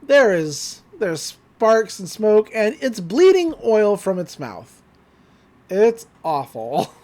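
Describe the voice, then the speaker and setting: A podcast host recapping a cartoon episode in a casual, animated way and laughing often. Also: mid-range voice, slow pace.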